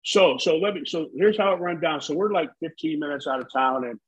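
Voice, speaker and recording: A man's voice: on the high side, brisk, slightly rough, highs cut off. A man in his fifties from the United States, co-hosting a casual chat and telling profane, rambling stories. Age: 50s. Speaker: co-host, former pro wrestler.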